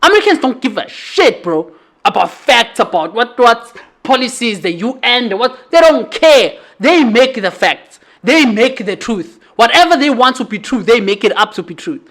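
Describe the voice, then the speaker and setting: A woman's voice: fairly high pitch, very animated, normal speed. A South African woman with a South African accent, giving a heated, profane podcast monologue full of rhetorical questions and emphatic repetition. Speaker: podcast host.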